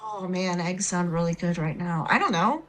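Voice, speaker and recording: A woman's voice: on the low side, expressive, moderate pace, a bit bright, soft background music, low-quality recording. A woman playing a tabletop game, speaking in character in a chatty, rambling way. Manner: chatty and rambling, with many I means. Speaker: player.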